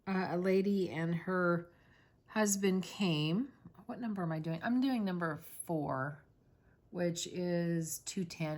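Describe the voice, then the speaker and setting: A woman hosting a crafting channel, chatting casually and in a rambling way while she works on a diamond painting. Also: on the low side. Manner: rambling and chatty, many fillers.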